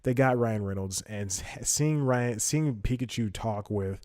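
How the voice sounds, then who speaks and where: A man's voice: on the low side, unhurried, warm tone. A man hosting a solo podcast in casual commentary, chatty, thinking aloud and laughing often. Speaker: podcast host.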